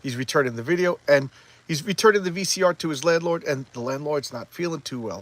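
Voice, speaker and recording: A man casually reviewing a comic book, talking quickly and excitably with many restarts as he retells the story. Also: on the high side, rough recording.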